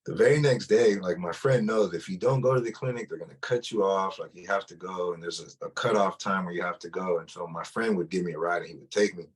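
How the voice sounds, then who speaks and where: Low husky-voiced man telling his story. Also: fast, hardly any pauses. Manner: loose and conversational, full of "like" and restarts. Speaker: testimony speaker. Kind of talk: personal testimony storytelling.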